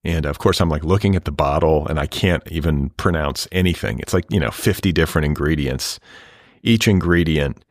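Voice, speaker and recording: A man's voice: rumbling low, fairly quick, dry recording, clean studio sound. A middle-aged man hosting a podcast, talking in a rambling, wry monologue with profane asides. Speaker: podcast host. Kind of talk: casual monologue.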